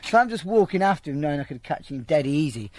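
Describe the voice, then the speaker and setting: Brief: bloke, higher voice, rattles off a sweary story, close dry mic. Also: male voice, quick pace, no echo. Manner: blunt, profane, animated storytelling. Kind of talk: casual anecdote told to an interviewer.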